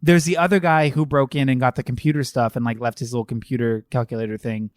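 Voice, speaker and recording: A man's voice: medium pitch, steady tone, fast, darkish tone, dry recording. A man co-hosting a podcast, chatting casually and animatedly about films, laughing and mocking put-on accents. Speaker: podcast co-host. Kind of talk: casual film-review chat.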